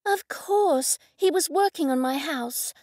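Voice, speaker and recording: A woman voicing a flustered, sharp-tongued young city woman who talks back in an exasperated, snappy way. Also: high-pitched, takes it slowly, dry recording, studio quality, voice pushed up.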